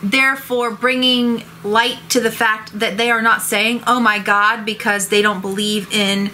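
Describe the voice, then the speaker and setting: A woman's voice: a little high, a little slow, a little hiss or hum. A woman talking casually and expressively to the camera in a vlog. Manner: animated, expressive. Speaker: vlogger.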